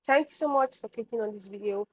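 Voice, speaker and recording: A woman's voice: medium pitch, fast talker, husky, low-quality recording. Frank young woman giving blunt advice. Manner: frank, emphatic, scolding like a big sister; repeats points for emphasis. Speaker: beauty and hygiene vlogger. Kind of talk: casual advice chat to camera.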